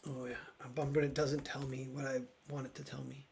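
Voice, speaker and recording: A man's voice: mid-range voice, level tone, fairly quick, gravelly, a little hiss or hum. A man streaming and chatting casually, rambling and searching for words with lots of fillers. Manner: voices quoted characters loudly. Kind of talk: casual chat.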